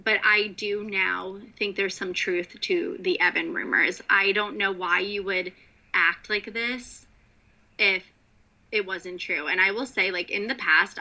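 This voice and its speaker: A woman's voice: medium pitch, steady tone, a little slow, sharp tone, dull audio. A woman co-hosting a casual reality TV recap, blunt and opinionated.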